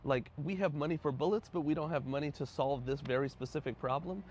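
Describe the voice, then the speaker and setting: Frustrated male commentator, soft-spoken, slight hiss. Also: fairly high pitch, a little fast. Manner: frustrated, questioning, often drops to a quiet voice. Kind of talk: opinion commentary.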